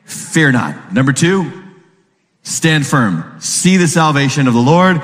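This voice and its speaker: A middle-aged man preaching a sermon as a pastor, animated and acting out voices with sudden jumps in pitch. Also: takes it slowly. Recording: long hall reverb.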